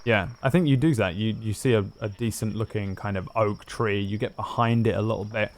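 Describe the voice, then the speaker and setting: A man's voice: fairly low pitch, steady tone, brisk. A man narrating as game master of a tabletop game, talking loosely with many fillers.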